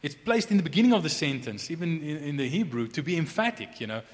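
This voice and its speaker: A male pastor with a fairly high voice delivers a sermon, his pitch leaping and falling in lively swings. He moves from near-whispered intensity to ringing, emphatic declarations and repeats key phrases to drive them home. His voice carries a long reverb, as if in a large church hall. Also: fast. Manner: swings from hushed intensity to loud, emphatic proclamation.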